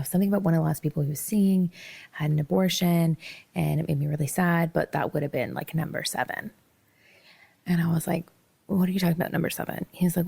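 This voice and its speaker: Young woman podcast host, low gravelly voice, animated storyteller who acts out dialogue. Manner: animated, laughing, acts out both sides of conversations. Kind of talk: casual storytelling.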